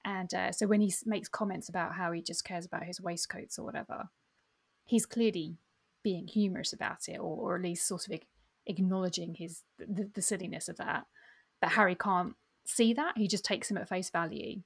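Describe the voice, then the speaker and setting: A woman's voice: fairly low pitch, steady tone, moderate pace, creaky, slightly rough. A woman co-hosting a book podcast, chatting casually and sharing opinions with lots of tag questions. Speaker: podcast co-host.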